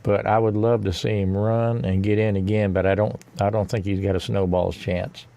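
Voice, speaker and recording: A man's voice: on the low side, flat delivery, normal speed, gravelly, dark tone. A man chatting casually with a laid-back, dry manner. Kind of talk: casual chat.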